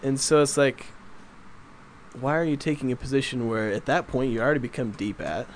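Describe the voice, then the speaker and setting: A man's voice: mid-range voice, fairly quick, a little hiss or hum. A man in casual sports chat, rambling and mildly exasperated as he makes his points.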